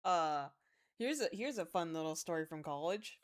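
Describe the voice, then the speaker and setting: A young woman streaming a game, chatting casually, swinging from mumbles to excited outbursts, swearing and laughing as she tells stories. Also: on the low side, normal speed. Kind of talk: casual livestream chat while gaming.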